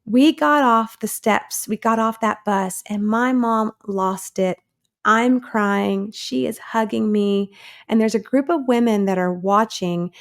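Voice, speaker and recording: A woman's voice: medium pitch, gravelly. A woman in her thirties, a guest in an interview, telling her own story earnestly and acting out the people she quotes. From United States.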